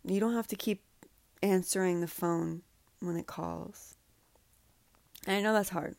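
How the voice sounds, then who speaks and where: Female podcast host, earnest and heartfelt, slightly low gravelly voice, dry close sound. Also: steady tone, measured pace, pauses often, dry recording. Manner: earnest, heartfelt, says "like" often; drops to soft, breathy guidance during a breathing exercise. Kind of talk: emotional solo podcast talk.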